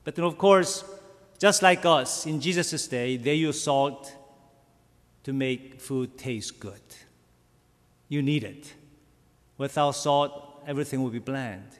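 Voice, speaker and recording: A man preaching a sermon, slow and emphatic, asking his listeners rhetorical questions. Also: medium pitch. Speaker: pastor. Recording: long reverb of a church hall.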